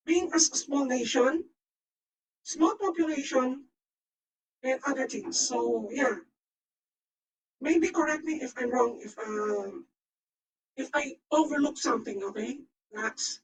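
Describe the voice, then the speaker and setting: A woman streamer speaks through a voice changer filter, her high voice drawn out slowly as she rambles and swears in excited live commentary. She slurs her words at times. The mic sits some distance away, with faint music playing underneath. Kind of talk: live stream reaction chat.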